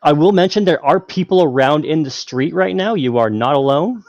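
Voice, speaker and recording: A man's voice: a little high, animated, normal speed, darkish tone, no echo. Hesitant male game master, dull mic. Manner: hesitant, filler-heavy narration. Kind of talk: narrating a tabletop game.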